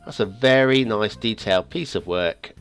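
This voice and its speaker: A man hosting a game map review show, talking in a casual, rambling way with many restarts, his voice getting a little hoarse. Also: normal speed. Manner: chatty and rambling, with frequent restarts and stammers; lively, swinging pitch. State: voice going hoarse. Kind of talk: casual video game commentary. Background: faint background music.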